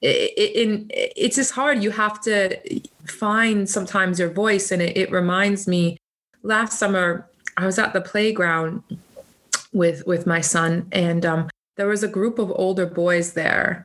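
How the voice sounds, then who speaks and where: A woman in her thirties chatting reflectively about parenting, often pausing and restarting her sentences. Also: medium pitch, fairly even intonation, fairly bright tone. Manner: hesitant, many restarts and fillers. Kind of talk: casual chat.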